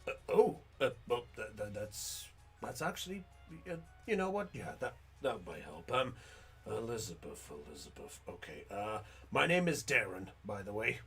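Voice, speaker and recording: GM doing a hesitant male desk clerk, low and quiet, stumbling over his words. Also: big pitch swings, normal speed, husky, soft background music, full character voice. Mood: apologetic. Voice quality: low, subdued. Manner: hesitant, full of fillers. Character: apologetic male official at a Pokemon center.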